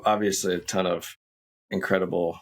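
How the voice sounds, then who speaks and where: A man in his thirties, a podcast guest, telling a personal story in a slow, reflective, candid way. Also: sits low, flat delivery.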